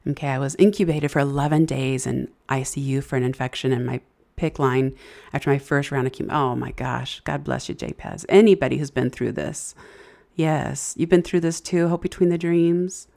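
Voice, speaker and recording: A woman hosting a casual live stream, halting and searching for words, thanking viewers as she reads the chat. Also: rumbling low, fairly even intonation, gravelly, dark tone. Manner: halting, many fillers and restarts, searching for words; grateful, effusive thanks to viewers. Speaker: livestream host.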